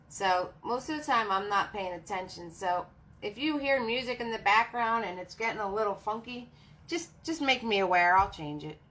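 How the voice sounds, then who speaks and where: A woman hosting a live painting class, chatting warmly with viewers, laughing often and talking through each brushstroke. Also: on the high side. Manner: friendly, laughs often, narrates each step. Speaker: paint party host and art instructor.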